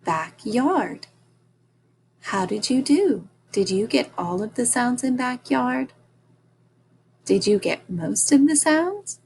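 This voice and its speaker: Woman teacher, children's phonics lesson, encouraging, unhurried, faint background hiss. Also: fairly high pitch, expressive, gravelly, darkish tone. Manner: slow, deliberate, encouraging, sounding out each phoneme.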